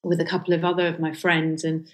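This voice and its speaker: A middle-aged woman comedian, appearing as a guest, recalls her school days in a candid, hesitant way with many restarts, in reflective casual interview talk. Her low voice is fast and completely flat.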